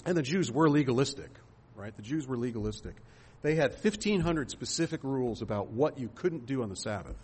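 A man delivers a sermon with a slightly husky voice, mid-pitched and unhurried. He preaches conversationally, tossing out rhetorical questions and the odd filler as he goes. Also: expressive, a little mellow. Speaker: pastor.

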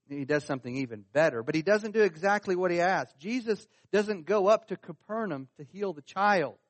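A man's voice: on the high side, no room sound. A man preaching a sermon, earnest and pressing his points, lifting his voice when he reads scripture. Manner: earnest, rising in emphasis on scripture quotes. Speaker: pastor.

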